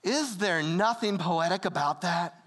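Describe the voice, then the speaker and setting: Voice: medium pitch, a little slow, a bit bright. A preacher giving a sermon in a casual, conversational storytelling manner, acting out quoted voices. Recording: long hall reverb.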